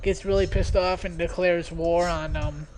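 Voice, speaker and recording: A young man giving loose, rambling commentary on his own video, with many pauses and fillers. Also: high-pitched, fairly even intonation, a little mellow, a little hiss or hum. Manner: rambling, hesitant, full of fillers. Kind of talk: casual commentary.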